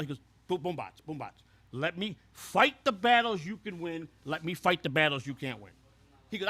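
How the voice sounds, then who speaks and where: A man's voice: high-pitched, bright, forceful tone, exaggerated voice. A man playing a brash, foul-mouthed former baseball clubhouse worker who rambles through stories and trips over repeated words. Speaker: host. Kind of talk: scripted comedic character storytelling.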